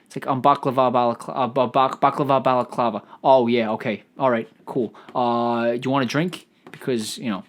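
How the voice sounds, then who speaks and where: A man hosting a solo comedic podcast, riffing out loud in a profane, stammering ramble. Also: medium pitch, flat delivery, fairly quick, hardly any pauses. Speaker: podcast host.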